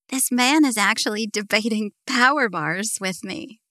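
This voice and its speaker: A woman reading a first-person novel aloud in a lively, expressive way as an audiobook narrator. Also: fairly high pitch, unhurried, dry recording, clean studio sound.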